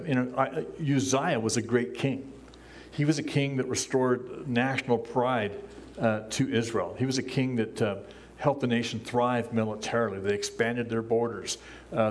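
An older man, a pastor, preaching a sermon from a church pulpit in a relaxed, conversational way, chuckling often and acting out the lines he quotes. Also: medium pitch. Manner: acts out quoted lines in a raised voice.

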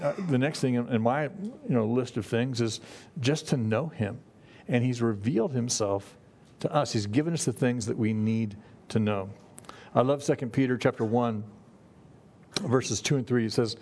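A middle-aged pastor preaches to his congregation in a conversational manner, frequently restarting phrases and saying "you know." His voice sits at medium pitch with a darkish tone.

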